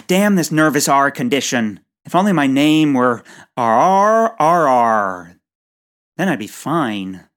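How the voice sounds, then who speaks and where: A woman's voice: a bass voice, sing-song, takes it slowly, exaggerated voice. A woman voicing a nervous, fussy male Victorian bird expert who talks in a flustered, self-deprecating way.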